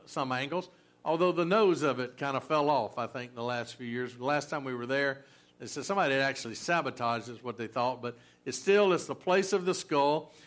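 A man's voice: mid-range voice, a little fast, a bit bright. A man preaching a sermon in a loose, conversational way, many fillers and restarts. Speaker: pastor.

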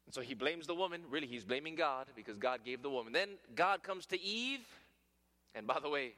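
A man preaching a sermon, calling out to his listeners as friends, rising to loud emphatic peaks and dropping to hushed near-whispers. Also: fairly high pitch, lively intonation, a little fast. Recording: long hall reverb.

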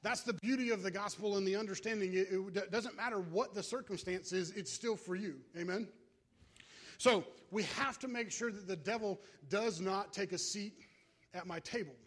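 Man, pastor, high voice, relaxed conversational sermon, call-and-response. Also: normal speed.

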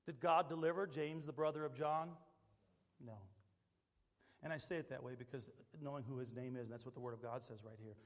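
A man preaching a sermon as pastor, swinging between quiet asides and loud, impassioned pleading. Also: medium pitch, steady tone, fairly quick, long reverb tail. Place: church sanctuary.

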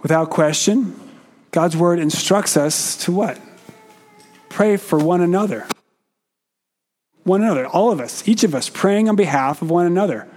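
A male preacher takes his sermon slowly, pausing frequently and at times questioning the congregation directly. His voice is high and slightly mellow.

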